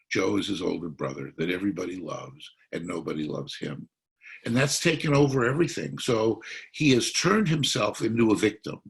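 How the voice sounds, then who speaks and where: A man's voice: low voice, creaky, breathy edge. A man speaking as a psychiatrist at a political forum, explaining his analysis.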